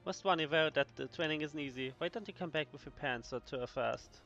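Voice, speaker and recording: A man voicing a gym trainer in a calm, matter-of-fact way. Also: on the high side, brisk, creaky, highs cut off, faint music behind, pitched below the performer's own voice.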